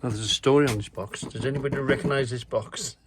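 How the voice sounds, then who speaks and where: A man's voice: mid-range voice, fairly even intonation, fast, noisy background. A man vlogging in a shop, chatting casually and trailing off into muttering and whispers as he looks over items. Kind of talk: casual chat while browsing. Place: indoor shop.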